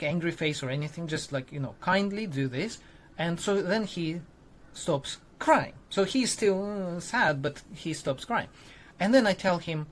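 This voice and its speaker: A man's voice: fairly high pitch, slight background noise. Conversational male teacher telling a story. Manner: loose and conversational, many fillers, acts out quoted lines. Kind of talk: casual storytelling to camera.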